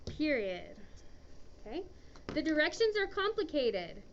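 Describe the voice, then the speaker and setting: A woman's voice: high voice, sing-song, measured pace, slight background noise. A woman teaching an English grammar lesson to a class, chatty and often checking in with "okay". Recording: dull lo-fi classroom recording.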